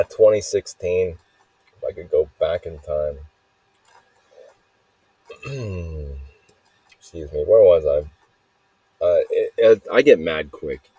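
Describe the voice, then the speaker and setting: A man's voice: low voice, darkish tone, breathy edge, dry recording. A man hosting a podcast, rambling through a personal monologue with frequent swearing and flashes of anger. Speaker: podcast host.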